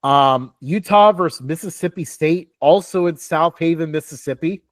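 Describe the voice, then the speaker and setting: A man's voice: fairly high pitch, moderate pace, no room sound. Casual young man, dry close mic. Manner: rambling, filler-heavy, laughs often. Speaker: podcast co-host. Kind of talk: casual sports talk.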